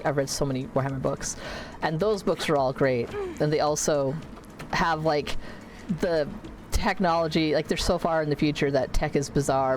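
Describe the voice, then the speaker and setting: Woman streaming a game at home, low voice, rambly and chatty, lots of little restarts. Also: slight background noise, rough recording. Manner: rambling, chatty, self-correcting. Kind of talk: casual gameplay chat. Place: home computer room.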